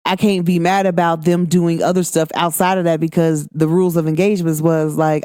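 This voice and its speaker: Animated woman podcaster, dry close sound. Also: lowish voice, a little fast, few pauses, no room sound. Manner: animated, expressive, acts out quoted lines. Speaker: podcast host. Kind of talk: casual chat.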